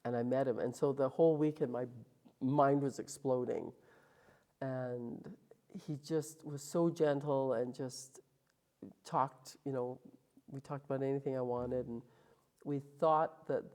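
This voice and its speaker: A woman from Calgary, a guest in an interview, telling her story casually and acting out the lines of the people in it. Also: extremely low pitch. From Calgary, Canada. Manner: animated, acts out quoted lines.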